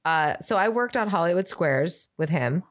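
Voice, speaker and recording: A woman's voice: fairly low pitch, animated, moderate pace. A woman co-hosting a podcast, chatting casually with dry, joking asides. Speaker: podcast co-host. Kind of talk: casual chat.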